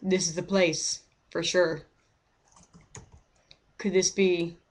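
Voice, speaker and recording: A woman's voice: lowish voice, little pitch movement, slow. A woman streaming a game, giving rambling, chatty commentary and often cutting herself off mid-word. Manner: rambling, chatty, self-interrupting. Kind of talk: casual let's-play commentary.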